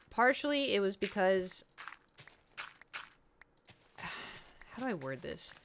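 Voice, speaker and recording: A woman's voice: lowish voice, clean tone. A woman, chatting casually on stream and telling a rambling story full of fillers and quoted voices. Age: 30s.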